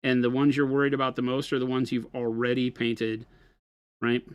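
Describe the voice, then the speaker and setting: A man's voice: medium pitch, little pitch movement, normal speed, smooth, no room sound, muffled recording. Brief: man, stream co-host, patient explainer, dry close mic. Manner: explains patiently, asks "right?" often. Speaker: co-host and painter on a hobby live stream. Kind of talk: casual live-stream chat and painting tips.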